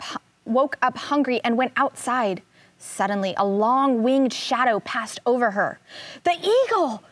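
Teacher read-aloud: unhurried, expressive woman, slightly high voice, dry close sound. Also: no room sound. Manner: slow, expressive, asking children questions. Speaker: first grade teacher. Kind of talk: reading a picture book aloud to children.

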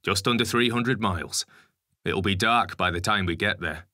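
A man voicing a calm, reassuring convoy driver who speaks in a steady, matter-of-fact way. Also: lowish voice, moderate pace, dry recording, clean studio sound.

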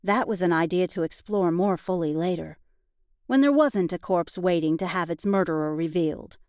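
A woman audiobook narrator reading a first-person cozy mystery in an even, conversational storytelling manner. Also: fairly low pitch, normal speed, no room sound, studio quality.

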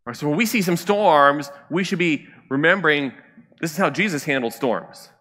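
A man's voice: fairly high pitch, animated, normal speed, bright, forceful tone, big-room sound. A man preaching a sermon as pastor in a conversational way, often checking in with the congregation. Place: church sanctuary.

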